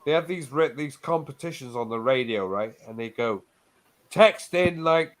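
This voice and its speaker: A man's voice: mid-range voice, expressive, brisk. A man telling a rambling story in casual chat, swearing constantly and restarting his sentences.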